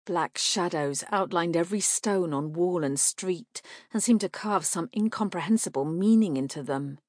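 Brief: woman audiobook narrator, lowish voice, steady and measured, dry close recording. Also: no room sound. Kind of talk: scripted fantasy narration.

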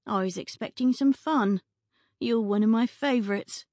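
A woman voicing an eager young woman in an audiobook, her voice raised and lively. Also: on the high side, normal speed, dry recording, studio quality, pitched above the performer's own voice, natural voice.

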